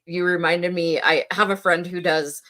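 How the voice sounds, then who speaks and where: A middle-aged woman talking casually as a podcast guest, loose and full of fillers, lively when retelling things. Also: lowish voice, normal speed. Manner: conversational, filler-heavy, animated when quoting her son. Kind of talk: casual conversation.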